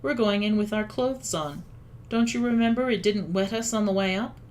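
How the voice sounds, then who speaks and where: A woman voicing a sleepy, easygoing young boy in a storybook reading, relaxed and drowsy. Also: medium pitch, moderate pace, a little hiss or hum, natural voice. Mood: teasing.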